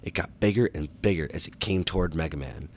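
A man reading a children's adventure book aloud, with animated, dramatic storytelling. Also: rumbling low, quick pace. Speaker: storybook reader. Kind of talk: audiobook narration for children.

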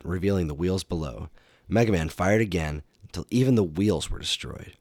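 Deep-voiced man reading a storybook. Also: no echo, studio quality. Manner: animated, dramatic storytelling. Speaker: storybook reader. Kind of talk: audiobook narration for children.

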